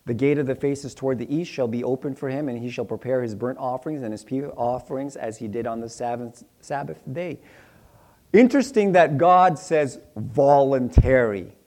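A man's voice: medium pitch, moderate pace, a little mellow. Brief: middle-aged male pastor, casual sermon teaching, jokey, plays out small exchanges in character. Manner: chatty and joking, acts out little dialogues in voices. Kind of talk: conversational Bible teaching sermon.

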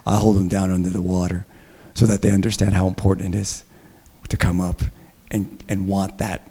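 A man doing an impression of an older male pastor with a deep, booming voice, telling a story in a slow, matter-of-fact way. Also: level tone, dark tone, husky.

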